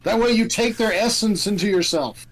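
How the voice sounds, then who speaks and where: A man's voice: high voice, moderate pace, background noise. A man playing a tabletop game, joking and bantering with the table. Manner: playful, bantering. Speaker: player.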